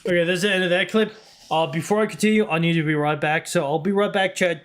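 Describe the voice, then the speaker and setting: A man's voice: sits high, fairly even intonation, quick pace, a bit bright. A man streaming live, reacting to clips in a loose, rambling way and swearing freely.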